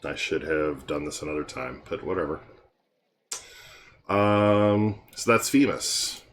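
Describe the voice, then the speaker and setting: A tired, yawning man casually walking through a mobile game's heroes, relaxed and meandering with frequent ums. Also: a bass voice, moderate pace, slight background noise. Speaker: game guide creator. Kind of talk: casual game walkthrough commentary.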